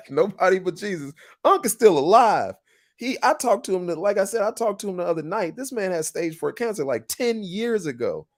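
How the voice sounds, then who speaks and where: A man's voice: high voice, lively intonation, normal speed. A man hosting a podcast in a casual monologue, earnest and motivational, telling stories with emphatic repetition. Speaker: podcast host.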